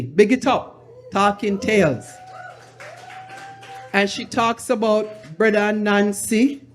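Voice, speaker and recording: A woman with a Jamaican accent hosting a live storytelling night, telling anecdotes with laughter and slipping into patois. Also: fairly low pitch. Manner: lively, laughing, switches into patois. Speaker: event host. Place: live event venue with audience.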